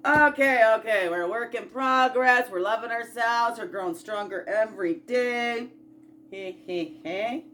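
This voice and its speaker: A woman hosts a casual spiritual self-growth chat, folksy and encouraging, wandering through asides and rhetorical questions while swinging between loud bursts and quiet murmurs. Her voice is a little high and unhurried, with soft music in the background.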